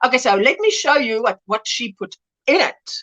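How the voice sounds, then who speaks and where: A woman's voice: fairly high pitch, sing-song, normal speed, a bit bright. A middle-aged woman hosting a casual livestream chat, reading viewers' comments aloud and laughing often. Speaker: livestream host.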